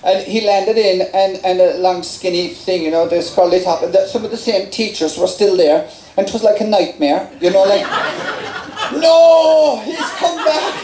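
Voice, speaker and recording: A chatty Irish man, middle-aged, spins a family story onstage at an outdoor festival, chuckling at his own jokes. His voice sits high for a man. It is picked up from the crowd through an echoing PA, with faint festival ambience behind. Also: steady tone, a little fast, noisy background. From Ireland. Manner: chatty, laughs along at his own stories. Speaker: folk singer and storyteller.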